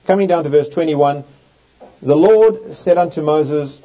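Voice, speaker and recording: In a lecture room where an overhead projector is in use, a man with a warm, fairly high voice reads scripture aloud at a measured pace. His Bible teaching sermon has an emphatic, swooping delivery, and the recording is dull and lo-fi.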